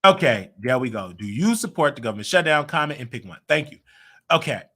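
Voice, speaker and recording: Lively American man hosting a livestream. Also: mid-range voice, brisk. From United States. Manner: animated, frequent throat-clearing, chatty asides to viewers. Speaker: show host. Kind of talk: livestream commentary talking to the chat.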